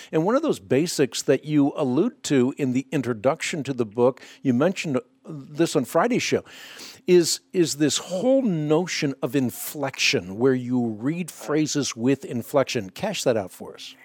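A man's voice: mid-range voice, darkish tone, no echo. A male host speaks into a studio mic on a Christian radio talk show. His voice sounds dry and close. He presses his points home like a teacher. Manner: emphatic, teacherly.

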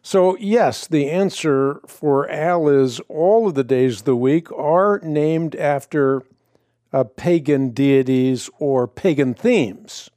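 Slow, mellow-voiced male radio host. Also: fairly high pitch, no echo. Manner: measured, explanatory, with pauses. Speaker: radio Bible question host. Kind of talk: radio call-in answer.

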